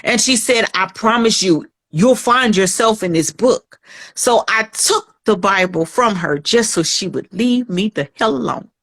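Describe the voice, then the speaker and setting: A woman's voice: mid-range voice, expressive, a little slow, fairly bright tone. Woman telling her life story. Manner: earnest storytelling, acts out quoted voices. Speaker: guest. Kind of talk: personal testimony in a podcast interview.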